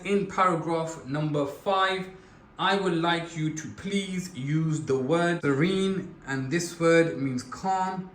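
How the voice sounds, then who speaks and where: A man's voice: on the high side, a bit bright. Tutor man, echoey room. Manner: direct, repeats "guys" often, drawn-out emphasis on key words. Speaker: English tutor. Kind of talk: exam-prep lesson.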